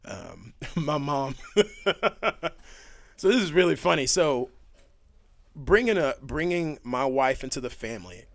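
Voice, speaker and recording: A man's voice: mid-range voice, measured pace, gravelly, long pauses, no echo. Young man telling stories, dry sound. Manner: animated, laughing storyteller with many fillers. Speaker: podcast guest. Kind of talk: casual storytelling chat.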